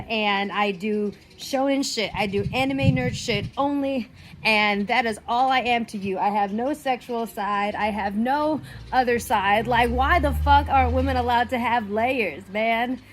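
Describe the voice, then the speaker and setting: A young woman content creator in an animated, exasperated rant, emphatic and swearing often. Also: fairly high pitch, a little hiss or hum.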